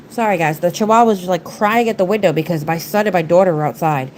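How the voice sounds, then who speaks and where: A woman's voice: lowish voice, quick pace, few pauses, darkish tone, slight background noise, rough recording. Congested, chatty woman livestreaming. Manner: chatty, rambling, talks to viewers and her pets. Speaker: nail art livestreamer. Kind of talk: casual livestream chat while doing nails.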